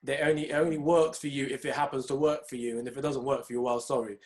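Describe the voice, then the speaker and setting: A young man, co-hosting a podcast and telling stories in a casual, animated way. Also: mid-range voice, quick pace. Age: young adult. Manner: animated storytelling, mimics people in raised voices. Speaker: podcast co-host. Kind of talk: casual chat.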